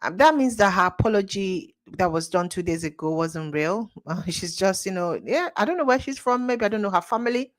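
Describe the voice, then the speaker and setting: A woman's voice: mid-range voice, expressive, a little fast, hardly any pauses. A young adult woman with a Nigerian accent, commenting indignantly on social media news in a casual chat, laughing now and then. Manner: indignant, exclaiming, laughs often. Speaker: commentary channel host.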